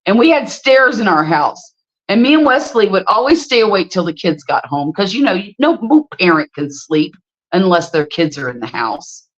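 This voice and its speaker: An animated woman hosts a casual livestream, reading viewer comments and telling stories with free exclamations. Her voice is medium in pitch at a normal speed, and the lo-fi stream audio sounds slightly dull.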